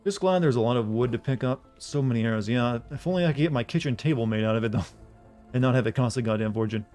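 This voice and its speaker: A man streaming a video game, chatting casually to his viewers in a flat, deadpan way. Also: mid-range voice, quick pace, faint music behind. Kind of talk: casual live-stream commentary.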